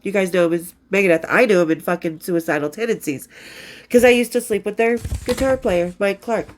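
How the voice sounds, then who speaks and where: Woman in her 50s reading old diary entries, swears a lot, keeps losing her place, middle-pitched voice. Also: fairly quick. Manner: rambling and profane, loses her place and restarts.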